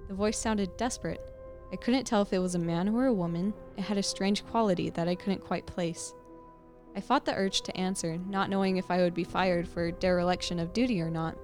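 A woman podcast host reading a creepy story aloud with expressive, suspenseful storytelling. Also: medium pitch, moderate pace, faint music behind.

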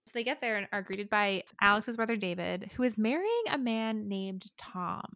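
A woman's voice: mid-range voice, expressive, moderate pace, a bit bright. A woman co-hosting a casual book chat podcast, talking loosely with lots of fillers and acting out characters' lines. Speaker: podcast co-host.

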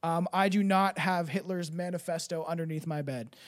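A man's voice: fairly high pitch, fairly even intonation, normal speed. A man hosting a casual podcast, rambling and swearing freely, laughing often between thoughts. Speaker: podcast host.

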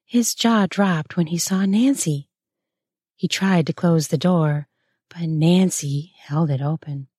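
A woman narrating a read-aloud erotic story in a measured, unhurried way. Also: on the low side, dark tone, husky, dry recording, clean studio sound.

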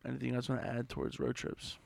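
A man's voice: mid-range voice, completely flat delivery, racing, creaky, a little mellow, dry recording. A man hosting a podcast, chatting in a laid-back, casual way. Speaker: podcast host. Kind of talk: casual chat.

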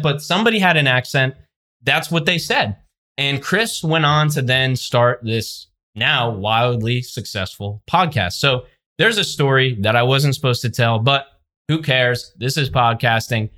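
Man, podcast producer, sarcastic rant, bright forceful voice, talking to camera. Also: mid-range voice. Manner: brash, sarcastic and ranting. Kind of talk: opinionated review monologue to camera. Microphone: facing a camera with a laptop in front.

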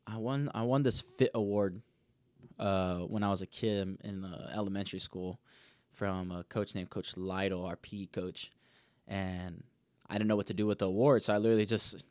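A young man with a low, smooth, resonant voice hosts a podcast on his own, rambling through a story in a casual, animated way. He acts out what each person said. The sound is dry and close. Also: no room sound. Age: young adult. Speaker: podcast host.

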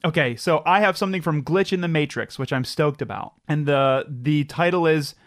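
A podcast host chatting casually and reading a story aloud, excitable and rambling, often cutting off their own sentences. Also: medium pitch, moderate pace, no echo, studio quality. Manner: excitable, rambling, self-interrupting.

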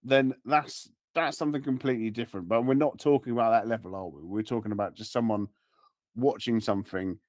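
A man's voice: mid-range voice, steady tone, fairly quick, dry recording. A man co-hosting a casual comedy podcast, laid-back and wry. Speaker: podcast co-host.

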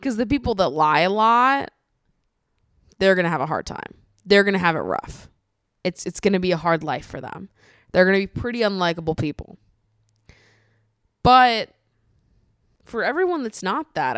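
A woman hosting a solo podcast, chatting casually with lots of swearing, laughter and animated ranting. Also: medium pitch, brisk, dry recording, studio quality. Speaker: podcast host.

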